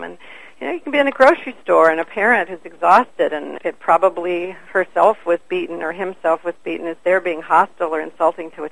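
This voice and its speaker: An older woman, a guest on an interview show, telling stories in a lively way and acting out the voices of people she quotes. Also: mid-range voice, gravelly, dry recording, rough recording. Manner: animated, acts out quoted voices. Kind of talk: conversational storytelling.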